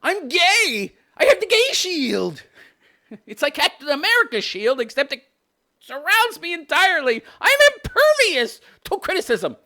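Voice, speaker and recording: Man doing a high whiny voice, easily offended young guy, mocking and exaggerated, pitch swooping all over. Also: huge pitch swings, unhurried, bright, forceful tone, exaggerated voice. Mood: mocking whine.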